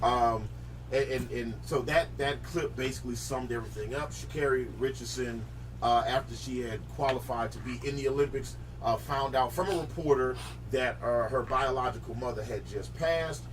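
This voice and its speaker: A man's voice: medium pitch, fairly even intonation, normal speed, recorded from a distance, noisy background. Profane casual male talk-show host. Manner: casual and profane, leading the discussion segment.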